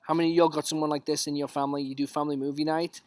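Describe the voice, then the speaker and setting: A man's voice: a little high, level tone, racing, darkish tone, no echo. Chatty man joking through memes. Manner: chatty and jokey, dropping into whispers for asides. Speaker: youth leader hosting a live stream. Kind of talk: casual live-stream commentary on memes. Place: outdoors.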